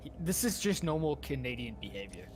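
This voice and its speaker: A man from the United States streaming a game, chatting casually in a rambling, halting way with many restarts. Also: mid-range voice, sing-song, breathy edge. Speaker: streamer, former soldier. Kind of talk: casual chat while gaming.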